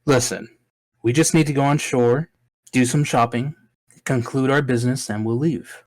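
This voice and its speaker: A man's voice: medium pitch, steady tone, moderate pace, darkish tone, no room sound, close to an everyday voice. A man voicing a smug, mock-friendly male warrior in a tabletop game.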